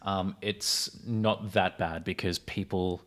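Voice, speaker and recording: Laid-back Australian man, fairly low voice. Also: steady tone, takes it slowly, a bit bright. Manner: laid-back, agreeable, many short affirmations. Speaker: podcast co-host. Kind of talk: casual podcast chat.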